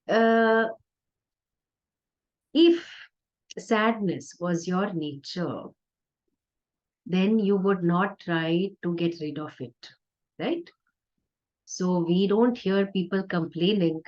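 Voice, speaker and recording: A woman spiritual teacher giving a conversational, playful discourse with soft laughs. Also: medium pitch, lively intonation, extremely slow, pauses often. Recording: dull lo-fi recording.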